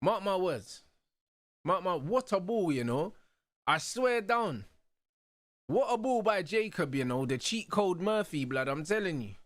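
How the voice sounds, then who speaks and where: A young man hosting a live football watch-along, talking excitedly in heavy slang and laughing loudly. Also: sits high, unhurried, dry recording. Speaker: host.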